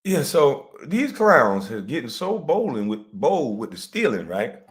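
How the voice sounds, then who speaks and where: A man's voice: medium pitch, sing-song, measured pace. A man hosting a livestream, ranting profanely and mockingly, breaking into laughter. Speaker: livestream host. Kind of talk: profane comedic rant.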